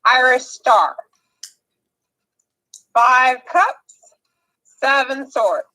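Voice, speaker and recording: Young woman, high voice, slow hesitant delivery, giggly nerves, reading tarot cards casually. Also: bright, forceful tone, poor audio. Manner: hesitant, giggly, nervous rambling. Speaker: tarot reading game player. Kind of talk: casual chat.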